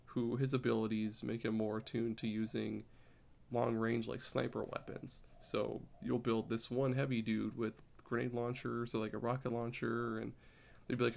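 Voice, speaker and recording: A man's voice: medium pitch, little pitch movement, normal speed, vocal fry. A man chatting casually on a podcast, rambling and repeating words as he explains. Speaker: podcast co-host.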